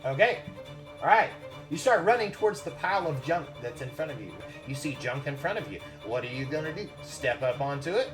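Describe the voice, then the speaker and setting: A man narrating a tabletop game as game master, playful and quick to laugh. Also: a little high, lively intonation, over music.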